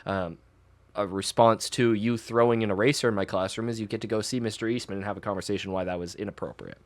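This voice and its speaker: Man, low voice, podcast co-host, casual chat, earnest, trailing asides. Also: fairly even intonation, fast. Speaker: podcast co-host, teacher and soccer coach.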